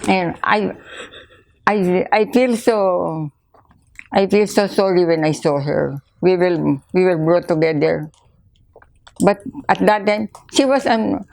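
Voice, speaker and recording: Older woman, Filipino accent, gravelly, halting, repeats words, interview telling stories. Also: on the low side, a little mellow. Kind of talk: casual storytelling interview.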